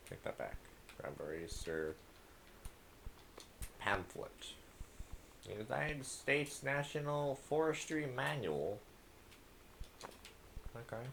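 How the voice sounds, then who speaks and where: A let's play gamer with a creaky voice comments casually while playing, muttering and reading documents aloud in a low murmur. A little hiss or hum can be heard.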